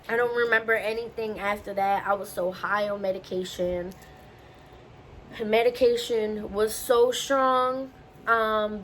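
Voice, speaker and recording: A woman's voice: mid-range voice, a little hiss or hum, low-quality recording. A young woman vlogger telling a personal story in a candid, casual way, slipping into the voices of the people she quotes. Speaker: beauty vlogger.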